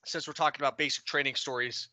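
A young man co-hosting a podcast, animated and profane as he tells army stories with laughs. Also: mid-range voice, fast, no room sound. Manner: animated storyteller, swears freely, laughs while talking. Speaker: podcast co-host. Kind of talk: casual chat, swapping army stories.

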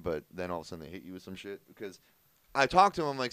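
A man's voice: medium pitch, fast talker, clear, resonant tone, no echo. A man co-hosting a podcast, telling stories in casual chat, swearing freely. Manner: animated storytelling, lots of fillers and swearing. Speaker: podcast co-host.

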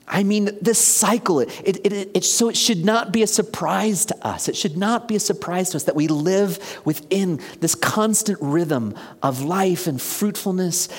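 Animated preacher in an echoing hall. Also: male voice, a little high. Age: about 50. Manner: animated, asks the congregation questions, drops to a hushed near-whisper for emphasis. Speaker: pastor. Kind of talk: conversational sermon. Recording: long reverb of a large hall.

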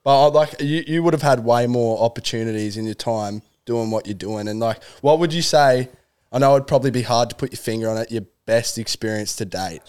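A man co-hosting a podcast, speaking in a relaxed way and hedging with "sorta" and "like". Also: medium pitch, a little fast, clean tone. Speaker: podcast co-host. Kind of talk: casual chat.

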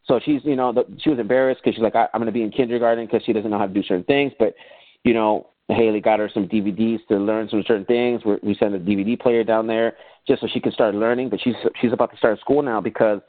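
Fast-talking man, tinny phone-like sound. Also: fairly low pitch, no room sound. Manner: animated storyteller who acts out remembered conversations. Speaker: podcast guest, business owner. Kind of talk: casual interview storytelling.

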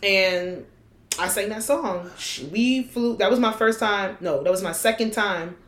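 A woman co-hosting a casual chat, blunt and profane, telling stories with animated energy. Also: mid-range voice, a little slow, roomy sound. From United States. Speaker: podcast co-host.

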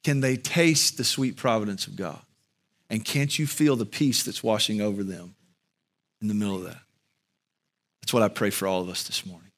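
A male pastor giving an earnest sermon and closing prayer, with slow, emphatic pauses. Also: fairly low pitch, fairly even intonation.

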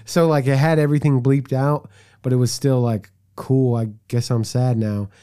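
A man co-hosting a laid-back podcast, talking in a relaxed, mellow tone. He is animated and jokey and keeps slipping into goofy quoted voices. His voice sits at an ordinary middle pitch. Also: normal speed, clear, resonant tone. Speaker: podcast co-host. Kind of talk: casual chat.

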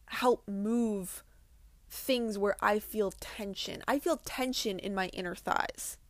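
A woman's voice: medium pitch, takes it slowly, dry recording. A woman talking casually and earnestly to her viewers about healing and self-love, often repeating her points. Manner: earnest, talks directly to viewers, repeats herself. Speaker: spiritual wellness vlogger. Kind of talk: casual talk to camera.

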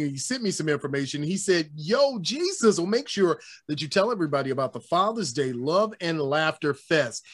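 A man co-hosting a casual sports talk show, animated and joking, slipping into voices. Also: on the high side. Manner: animated, playful, jokes and does voices. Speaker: podcast co-host.

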